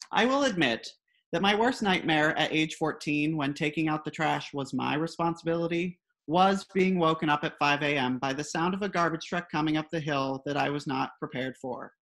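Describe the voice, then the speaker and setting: A woman reading her own comic personal essay aloud in a wry, dry storytelling manner. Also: deep voice.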